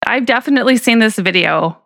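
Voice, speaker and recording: A woman's voice: fairly high pitch, animated, quick pace, gravelly, a bit bright. A woman co-hosting a casual podcast, chiming in with short agreements and details she looked up. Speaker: podcast co-host. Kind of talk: casual chat.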